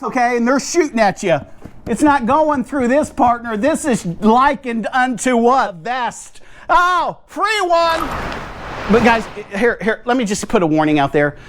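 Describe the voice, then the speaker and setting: In his home garage, a man from the United States with a very high-pitched, lively voice and measured pace reviews coolers for his vlog. He's playful and rambling, making tongue-in-cheek claims and addressing his viewers.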